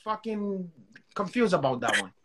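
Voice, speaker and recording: A man's voice: high-pitched, sing-song, normal speed, noisy background. A man co-hosting a casual chat, curious and rambling, asking questions and swearing casually. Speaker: co-host.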